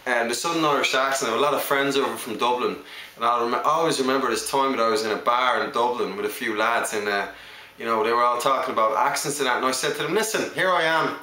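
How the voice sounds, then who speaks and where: A man chats through an accent showreel, sliding from one regional English accent to the next with easy confidence. His voice is bright and forward, with a middle pitch. The room around him is echoey. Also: fast talker. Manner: hops between English accents, chatty and self-assured. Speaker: actor showing accents.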